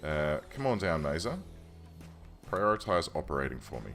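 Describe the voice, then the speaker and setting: A man's voice: rumbling low, sing-song, normal speed, fairly bright tone, soft background music. A man hosting a let's play, chatting casually and thinking aloud as he plays, often correcting himself mid-sentence. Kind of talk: casual game commentary. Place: home room.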